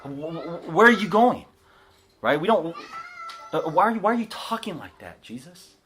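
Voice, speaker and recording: A fretful, emotional disciple whines in a high, strained voice, as a preacher acts him out. He sounds exasperated and anxious, each question pushed upward. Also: very animated, normal speed, a bit bright. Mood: whiny, exasperated. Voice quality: whiny. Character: whiny, anxious male disciple, an emotional feeler.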